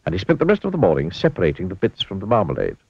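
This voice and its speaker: Low husky guy reading a kids story, super animated, muffled dry old recording. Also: very fast, no room sound. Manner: playful and expressive.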